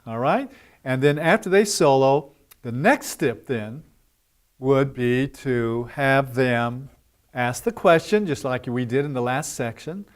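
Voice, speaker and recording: A man giving a teacher-training lesson, speaking in a loose, conversational way with "uh" fillers and modeling drill phrases slowly and deliberately. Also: mid-range voice. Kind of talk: instructional talk to teachers.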